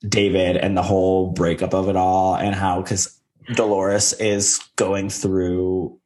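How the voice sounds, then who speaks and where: A man's voice: low voice, takes it slowly. A man co-hosting a podcast, chatting campily and playfully about reality TV. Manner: animated and campy, playful banter. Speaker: podcast co-host. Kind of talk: casual chat recapping reality TV.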